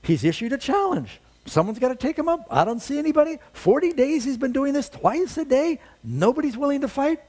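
A man's voice: extremely high pitch, expressive, moderate pace, darkish tone, pitched above the performer's own voice. A man voicing a young shepherd boy, indignant and eager, asking pleading, outraged questions. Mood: incredulous.

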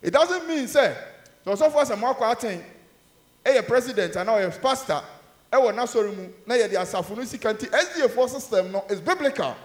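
A Ghanaian man preaching in a church, his fairly high voice ringing in a roomy hall. He preaches emphatically, rising loud on key points and dropping to low murmurs. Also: expressive, brisk. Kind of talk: sermon mixing Twi and English.

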